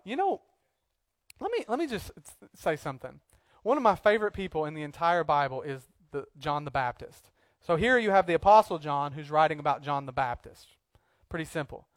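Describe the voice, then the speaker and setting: A pastor preaching a sermon from a church pulpit in a joking, conversational way, swinging from quiet asides to loud, emphatic outbursts. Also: male voice, on the high side, no echo, clean studio sound.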